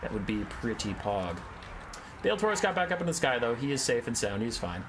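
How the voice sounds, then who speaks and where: A man with a mid-range voice gives lively play-by-play commentary on a strategy battle. Faint noise sits under his voice. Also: mid-range voice, brisk. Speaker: game commentator. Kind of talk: story narration and battle commentary.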